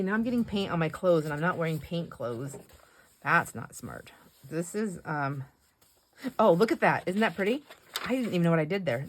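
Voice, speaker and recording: A woman's voice: low-pitched, a little hiss or hum. Chatty woman rambling while she crafts. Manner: rambling, chatty, laughs often. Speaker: craft vlogger. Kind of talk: casual craft chat while painting.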